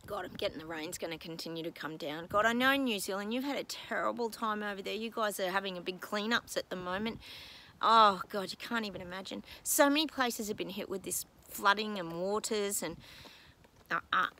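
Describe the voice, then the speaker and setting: A woman's voice: mid-range voice, fairly quick, sharp tone, rough recording. A woman psychic talking in a casual vlog from home, rambling and exasperated, breaking off with apologetic asides. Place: at home with her dogs.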